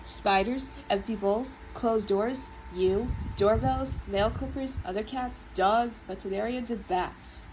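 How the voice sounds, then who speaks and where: A woman reading a children's book aloud in an expressive, playful way. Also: a little high, a little slow, few pauses, background noise. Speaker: storybook reader.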